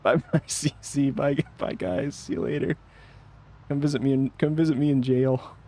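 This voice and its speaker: A man's voice: medium pitch, fairly even intonation, normal speed, dark tone. A man giving casual live commentary while playing a game, joking and laughing often. He banters defensively with his chat. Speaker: streamer.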